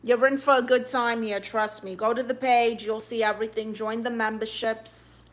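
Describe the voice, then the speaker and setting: A woman's voice: fairly high pitch, steady tone, normal speed. A woman hosting a casual livestream, reading viewer comments aloud and answering them in a sassy way that keeps calling people honey. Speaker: livestream host.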